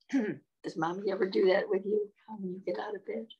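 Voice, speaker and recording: A woman reading and singing to young children in a gentle voice, often asking them questions and clearing her throat. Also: mid-range voice, fairly even intonation, normal speed, muffled recording. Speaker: children's storyteller.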